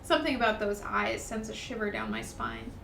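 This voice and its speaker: A woman's voice: on the high side, brisk, vocal fry, far from the mic. Woman reading a game aloud, off-mic echo. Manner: reads narration plainly, breaks into excited chatter. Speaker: let's-play co-host reading the game aloud. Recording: roomy echo, off-mic, faint noise.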